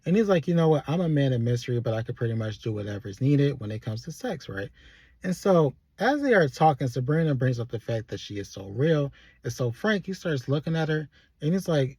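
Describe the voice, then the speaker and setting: A man's voice: mid-range voice, big pitch swings, brisk, a little mellow, husky, no room sound. A man reviewing a TV episode in casual recap commentary, loosely acting out the characters' lines as he retells each scene. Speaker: TV show reviewer.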